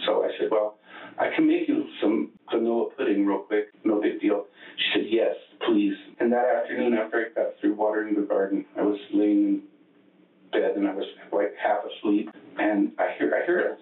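Rambling, halting male suspect, low voice, phone-like interview tape. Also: level tone. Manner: rambling, halting, many restarts. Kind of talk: recounting events in a police interview. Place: police interview room. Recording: echoey, distant, phone-like interrogation room audio.

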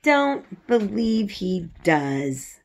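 A woman's voice: medium pitch, lively intonation, normal speed, vocal fry, pitched above the performer's own voice. A woman reading aloud, voicing a blunt, stubborn young girl who speaks obstinately. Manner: obstinate, unsympathetic.

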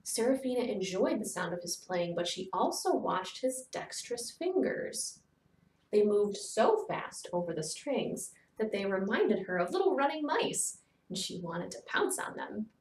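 A woman narrating a children's novel aloud, in steady storytelling that softens to near whispers. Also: mid-range voice, a little slow. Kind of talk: children's book read-aloud. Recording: echoey room, distant mic.

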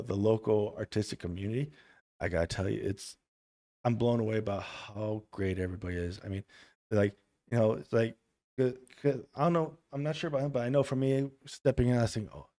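A man's voice: on the low side, fairly quick. A man, an author guest on a podcast, telling stories casually, stammering and restarting, and acting out the voices of people he quotes. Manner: animated storyteller who acts out quoted dialogue.

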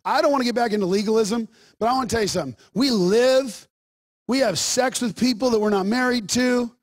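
Brief: male pastor, high tenor, jokey asides turning into forceful preaching. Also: fairly quick. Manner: joking asides, then emphatic preaching. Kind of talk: sermon.

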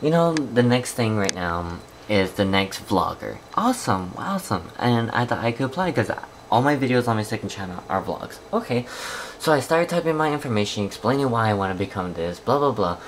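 A man chatting to his camera for a daily vlog, rambling and complaining, with bursts of excitement. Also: on the low side, brisk, hardly any pauses, a little hiss or hum. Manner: rambling, talks to camera, drifts between mumbling and excited outbursts. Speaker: vlogger. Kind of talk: casual vlog chat. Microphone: handheld camera.

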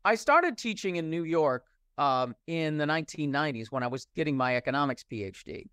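A man's voice: a little high, animated, a little fast, sharp tone, smooth, no echo. A middle-aged man from the United States, a professor answering interview questions in a discursive, candid way and often restarting his sentences.

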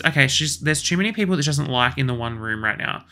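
A woman's voice: low voice, brisk, gravelly, hardly any pauses, a bit bright, faint music behind. A woman giving let's play commentary, exasperated and bossing her game characters around as she talks to herself. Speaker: gaming channel host.

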